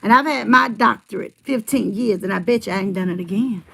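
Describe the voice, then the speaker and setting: A woman's voice: medium pitch, a little fast, vocal fry, a bit bright, slightly rough. A middle-aged woman rambling in casual livestream chat, telling family stories and answering her viewers' comments.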